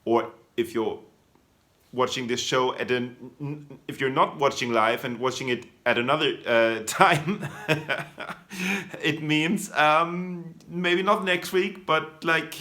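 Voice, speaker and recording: A man's voice: a little high, fairly even intonation, takes it slowly, pushed and bright. A man hosting a comedy show, casually talking to viewers in a loose, rambling way and chuckling at his own slips.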